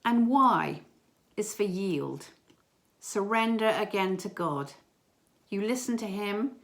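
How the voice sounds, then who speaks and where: A woman's voice: medium pitch, animated, takes it slowly. Earnest woman giving a church talk. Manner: gentle, earnest, with small hesitations. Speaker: church member sharing a prayer message.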